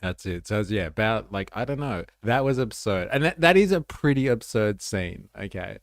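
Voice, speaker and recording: A low-voiced Australian man talks casually as a livestream host, with a gravelly, creaky edge to his voice. He rambles in loose, slangy commentary packed with fillers. The sound is close and dry, with no room in it. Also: animated, moderate pace, dry recording.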